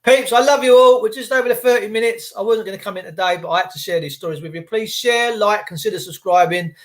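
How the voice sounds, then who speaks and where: High-voiced man ranting on a livestream. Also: fast, fairly bright tone. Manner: indignant, sarcastic, talks straight to his chat viewers. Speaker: livestream host.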